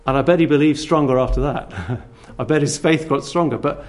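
A man preaching a sermon, earnest and animated, telling stories and asking rhetorical questions. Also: fairly high pitch, a little fast.

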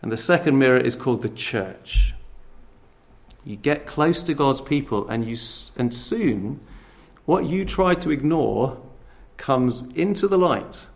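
A man's voice: medium pitch, lively intonation, measured pace, gravelly. A man preaching a sermon in a conversational way, often restarting his sentences.

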